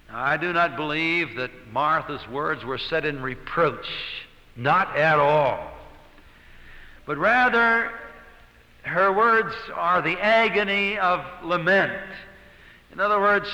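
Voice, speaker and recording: A man's voice: fairly high pitch, sharp tone, big-room sound, low-quality recording. A man preaching an expository sermon, earnest and emphatic, stressing key words as he goes.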